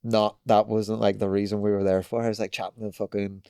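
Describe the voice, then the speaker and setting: A man's voice: fairly low pitch, level tone, fairly quick, a little mellow, clean tone, no room sound, clean studio sound. Northern Irish man, rambling casual storyteller. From Northern Ireland. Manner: rambling storytelling full of "like" and swearing, acting out quotes. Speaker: podcast guest, pro skateboarder. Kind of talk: casual chat.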